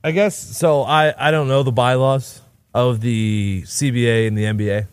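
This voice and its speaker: A man's voice: mid-range voice, steady tone, normal speed, smooth, dry recording. A man co-hosting a sports talk show, laid-back, mostly giving short replies.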